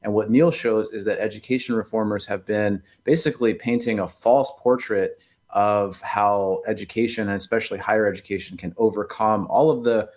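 Male professor guest, low voice, relaxed and chatty with lots of "uh"s and dry jokes. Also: normal speed. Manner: relaxed, many fillers, dry humor. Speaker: professor and union president. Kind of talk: casual radio guest talk.

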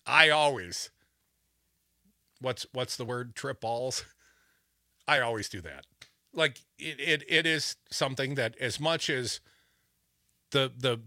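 A man's voice: medium pitch, sharp tone, breathy edge, dry recording, clean studio sound. A middle-aged man hosting a talk show, telling rambling, self-deprecating stories in casual chat.

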